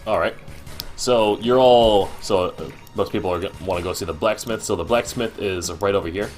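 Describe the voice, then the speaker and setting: A man's voice: lowish voice, moderate pace, faint music behind. A man narrating a tabletop game as game master, often stopping and repeating his words.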